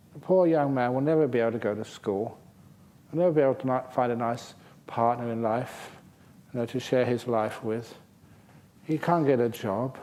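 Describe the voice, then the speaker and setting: A man voicing a calm wife who explains things in a soft, soothing, matter-of-fact way, in a spoken story. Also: medium pitch, natural voice.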